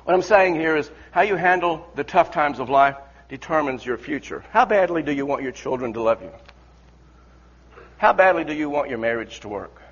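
A man's voice: on the high side, animated, moderate pace, breathy edge. A man preaching a sermon in an impassioned, repetitive way, often restarting his words. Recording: dull lo-fi recording.

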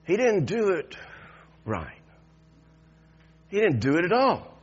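A man's voice: high voice, huge pitch swings, slow, slightly rough. A man preaching an Easter sermon in a conversational way, often repeating words and chuckling. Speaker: pastor. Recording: dull lo-fi sound.

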